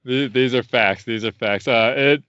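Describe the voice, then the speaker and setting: A man's voice: mid-range voice, normal speed, fairly bright tone, clean tone, no room sound, highs cut off. A man hosting a podcast, introducing and chatting with a guest in a friendly, loose way. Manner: friendly, lots of fillers and restarts. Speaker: podcast host. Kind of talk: casual interview.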